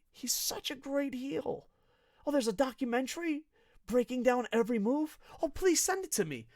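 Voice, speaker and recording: A man's voice: very high-pitched, darkish tone, dry recording, clean studio sound, pitched above the performer's own voice, full character voice. A man putting on a condescending, sugary, half-whispered voice as if soothing a sensitive fan. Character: grown man coddling a touchy young fan.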